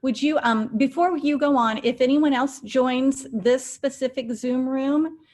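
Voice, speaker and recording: A woman co-running a video call, giving steady step-by-step instructions. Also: sits high, a little slow. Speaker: webinar co-organizer.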